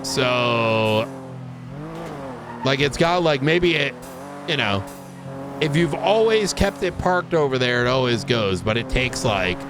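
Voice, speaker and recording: Rambling man with a lively voice. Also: mid-range voice, slow, pauses often, over music. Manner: rambling, loose talk full of fillers. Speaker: roleplay player as police officer. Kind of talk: casual roleplay chat on a game stream. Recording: game car noise under voice.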